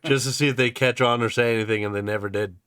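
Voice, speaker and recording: A man's voice: medium pitch, fairly even intonation, fast, fairly bright tone, clear, resonant tone, no echo, clean studio sound. A man chatting casually as a player in a tabletop game, rambling a little with fillers. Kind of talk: casual chat among players.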